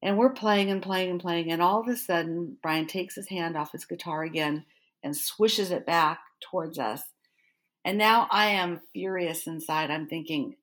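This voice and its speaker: A woman's voice: on the low side, normal speed. A middle-aged woman, a pastor and author, telling a personal story in an interview and acting out the dialogue and her own thoughts. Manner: animated, acts out remembered inner thoughts and dialogue.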